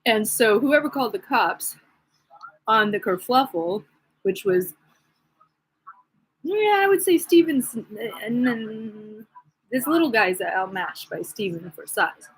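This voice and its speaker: Husky woman ranting in a casual vlog. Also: fairly high pitch, expressive, slow, pauses often, low-quality recording. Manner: agitated, gossipy, many fillers. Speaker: vlogger. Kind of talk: rambling casual monologue.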